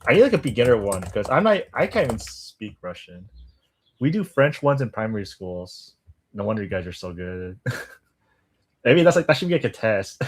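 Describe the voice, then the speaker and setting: A man's voice: fairly low pitch, big pitch swings, moderate pace, husky. A young man, native English speaker, on a casual live stream, laughing and stumbling as he tries tongue twisters. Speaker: language-learning streamer.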